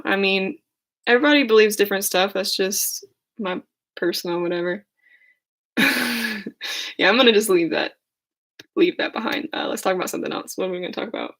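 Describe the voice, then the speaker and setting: A hoarse young woman chatting casually on a livestream, rambling and laughing at herself. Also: medium pitch, fairly bright tone. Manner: rambling, giggly, self-deprecating. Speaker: livestream host.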